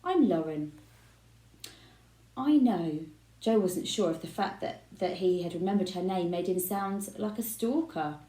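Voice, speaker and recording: A woman reading a children's book aloud with expressive storytelling. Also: on the low side, moderate pace, few pauses. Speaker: reader. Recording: roomy echo.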